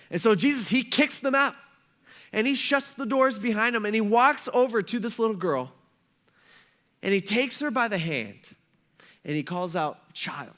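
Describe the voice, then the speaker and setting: High-voiced casual man preaching. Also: lively intonation, normal speed, a bit bright. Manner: conversational, slangy, acts out quoted voices. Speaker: pastor. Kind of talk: casual sermon. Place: church.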